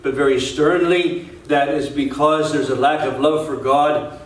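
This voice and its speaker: Earnest pastor preaching in an echoey church. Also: male voice, a little high, recorded from a distance. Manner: earnest, repetitive preaching with restarts. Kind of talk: sermon. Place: church sanctuary.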